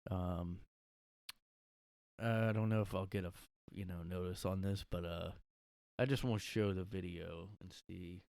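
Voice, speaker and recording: A man's voice: low-pitched, fairly even intonation, unhurried, creaky, a little mellow, no room sound, clean studio sound. A young man hosting a casual solo podcast, rambling and using many fillers. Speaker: podcast host.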